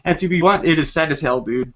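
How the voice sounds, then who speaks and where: A man's voice: a little high, fast, muffled recording, lightly acted. A man voicing a sassy female moon figure that speaks condescendingly. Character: sassy female moon, later demonic robot.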